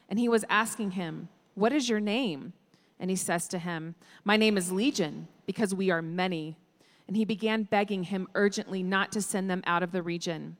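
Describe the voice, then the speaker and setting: Woman, scripture reading, measured, long hall reverb. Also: medium pitch. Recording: echoey hall.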